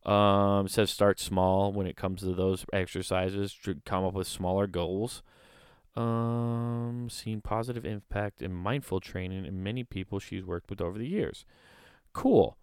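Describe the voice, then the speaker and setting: A man's voice: deep voice, fairly even intonation, measured pace, clean tone, no room sound, studio quality. A young man vlogging in a casual, rambling, jokey way, riffing into comic bits. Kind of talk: casual comedic commentary.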